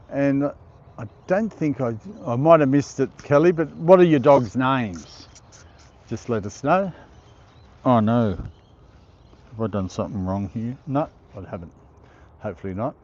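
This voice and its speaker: A man's voice: mid-range voice, big pitch swings, unhurried, long pauses, darkish tone, highs cut off. A middle-aged Australian man hosting a casual live stream outdoors, reading viewer comments aloud and laughing often. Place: outdoor park.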